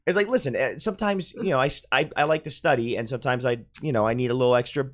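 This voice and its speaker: A man's voice: mid-range voice, quick pace. A man playing in a tabletop game, describing his character's actions in a rambling, hesitant way. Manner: rambling, hesitant, with many restarts. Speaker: player.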